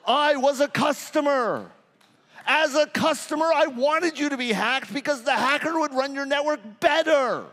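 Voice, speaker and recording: A man's voice: very high-pitched, normal speed, big-room sound. A man giving a live conference talk, joking and swearing as he tells stories. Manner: profane, joking, animated storytelling. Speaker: conference speaker. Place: large conference hall.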